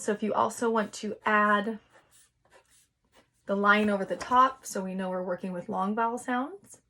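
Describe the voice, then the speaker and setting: Woman teacher talking to little kids at home, patient, encouraging, sounds out words slow. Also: medium pitch, fairly bright tone. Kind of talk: recorded home lesson for young children.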